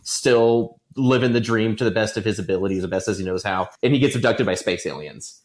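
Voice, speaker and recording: Animated storytelling man, low voice. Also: a little fast. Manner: animated storyteller, laughs often. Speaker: guest novelist and musician. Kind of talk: casual conversational interview.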